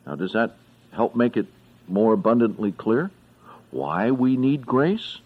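Male preacher, measured delivery with big pitch swings, slightly muffled lo-fi recording. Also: expressive, breathy edge. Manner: slow, deliberate, with emphatic swells. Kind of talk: expository sermon.

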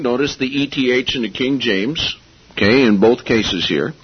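A man's voice: mid-range voice, moderate pace, husky. A man preaching a sermon, talking casually with sarcasm and rising into emphatic outbursts. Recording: dull lo-fi audio.

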